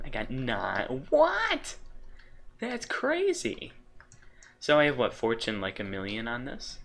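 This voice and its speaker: Male let's-play host, unhurried, rambling and self-amused. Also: on the low side, pushed and bright, slight background noise. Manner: rambling, trails off and restarts mid-thought; easily delighted, chuckles at himself. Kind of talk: casual gameplay commentary.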